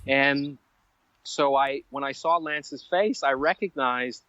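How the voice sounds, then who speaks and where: A man telling stories as a podcast guest, animated and self-mocking, drifting into side stories. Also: mid-range voice, takes it slowly, dry recording, muffled recording. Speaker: guest writer. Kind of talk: conversational storytelling.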